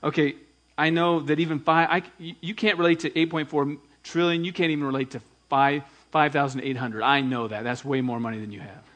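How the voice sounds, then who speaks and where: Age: adult. Sex: man. Role: pastor. Style: sermon. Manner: animated preaching, retelling scripture with dramatic emphasis and quiet asides. Pitch: somewhat high. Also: a little fast.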